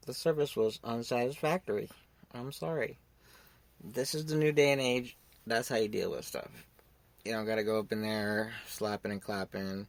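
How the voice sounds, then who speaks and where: A man's voice: fairly low pitch, gravelly. A young man hosting a podcast, telling a story in a rambling, casual way. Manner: rambling, animated when acting out quotes. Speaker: podcast host.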